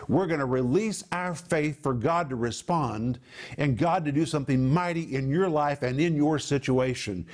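A middle-aged man giving an emphatic, measured televised Bible teaching. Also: fairly high pitch, darkish tone. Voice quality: emphatic, measured preaching delivery.

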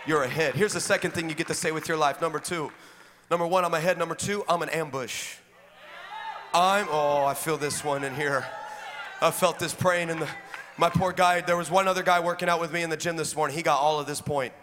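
This is a pastor's sermon, lively and funny, breaking into shouts at times. His bright, high-pitched voice moves a little quickly, echoing with long reverb around a big church hall over a faint background noise.

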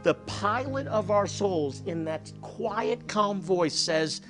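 A man preaching a sermon, telling stories and dropping to a soft hush for emphasis. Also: sits high, expressive, slow, few pauses. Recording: faint music behind.

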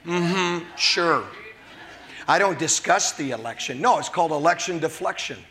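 A man preaches a fiery sermon at a church service, his voice pitched high and ringing bright. He presses each point hard and stumbles into repeated words when he gets worked up. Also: normal speed. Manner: fiery, emphatic preaching with sudden high bursts. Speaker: pastor.

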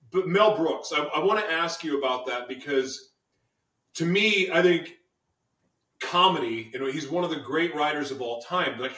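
A man hosts an interview, effusive and rambling and often restarting his sentences. His voice sits a little high. He sounds set back from the mic in an echoey room. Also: fairly bright tone, distant mic. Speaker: interview host.

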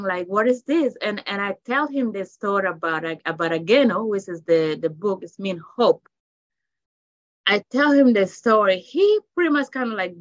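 A woman from Africa, a children's book author, speaking in a heartfelt, halting way with many restarts in an interview. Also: mid-range voice, fairly bright tone, no room sound. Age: adult with children. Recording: dull dry lo-fi sound.

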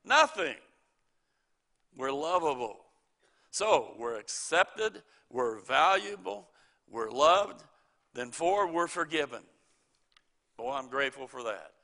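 Bright-voiced middle-aged male preacher. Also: a little high, very animated, takes it slowly, long pauses. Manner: folksy storytelling with chuckles, preaching. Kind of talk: sermon.

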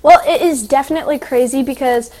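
A teenage girl chatting in an interview, telling excited stories full of "like" and "um". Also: high voice, quick pace. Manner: chatty, filler-heavy, excitable storytelling. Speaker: guest, young singer and actress. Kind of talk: casual interview chat.

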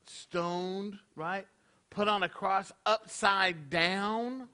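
A man's voice: sits high, drawn-out words, bright, forceful tone. A man, a rabbi preaching a casual, conversational sermon to his congregation, tossing out rhetorical questions. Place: congregation hall.

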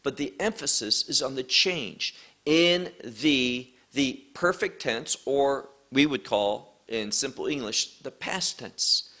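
A man teaching an evening Bible study, reading scripture aloud and slowly explaining the Hebrew words. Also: mid-range voice, animated, sharp tone. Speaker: pastor.

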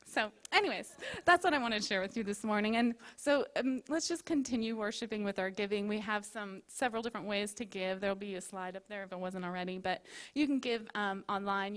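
A woman in her thirties speaking at a church service, telling a story with lots of laughter and leading the offering and prayer. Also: mid-range voice.

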